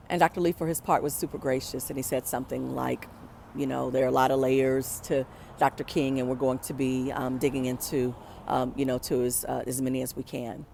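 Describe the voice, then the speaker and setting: A woman's voice: very deep voice, little pitch movement, a little fast, vocal fry, warm tone, slight background noise. A young adult woman telling a personal story in a reflective way, acting out the voices she quotes.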